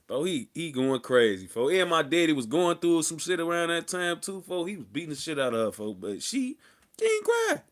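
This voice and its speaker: A man, an interview guest, telling a story in a casual, slang-filled way and loudly acting out the people in it. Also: a little high, moderate pace. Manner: animated, slangy, acts out quotes loudly.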